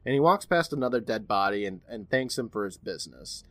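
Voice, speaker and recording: A man co-hosting a podcast, retelling an episode with a lively voice that rises and falls a lot. He is recorded close on a dry microphone. He slips into put-on voices for the characters he quotes. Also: lowish voice, brisk, dry recording. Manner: animated storyteller, puts on voices for quoted characters. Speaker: podcast co-host recapping an episode. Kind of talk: casual chat, retelling a TV episode.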